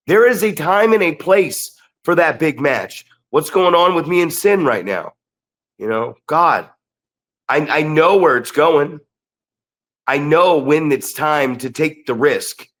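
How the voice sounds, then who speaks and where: A man co-hosting a wrestling podcast, telling stories in an animated, excitable way with lots of restarts. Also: a little high. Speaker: podcast co-host and wrestling promoter. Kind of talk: casual storytelling chat.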